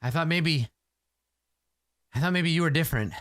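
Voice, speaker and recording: A man's voice: a little high, normal speed, a bit bright, no echo, voice pushed up, lightly acted. A man voicing a desperate young male warrior who pleads and stammers urgently. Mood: pleading.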